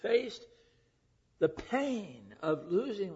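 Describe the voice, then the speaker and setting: Man preaching with wide-ranging high voice. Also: big pitch swings, a little slow, slightly rough. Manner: swings from loud emphatic preaching to hushed near-whispers. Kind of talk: sermon. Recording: dull lo-fi recording.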